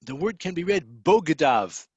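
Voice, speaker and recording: An American man, perhaps middle-aged, giving a recorded Torah lecture, explaining patiently, spelling out terms and pausing with fillers. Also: on the high side, very animated, a little mellow, slightly rough, no echo, lo-fi sound. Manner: explanatory, spells out words, many fillers and restarts.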